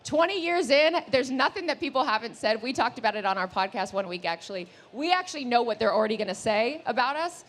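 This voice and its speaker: Chatty, fast-talking woman podcast co-host. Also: lively intonation, fairly bright tone. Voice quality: deeper voice. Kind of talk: live podcast Q&A. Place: live event stage.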